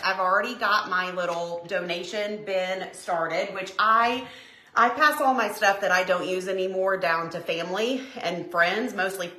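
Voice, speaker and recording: A middle-aged woman from Tennessee with a Southern accent, chatting warmly with viewers by name while hosting a live craft demo. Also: mid-range voice. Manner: chatty, greets viewers by name, says y'all. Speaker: craft livestream host. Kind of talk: casual livestream chat and craft demo. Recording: echoey room, faint background hum.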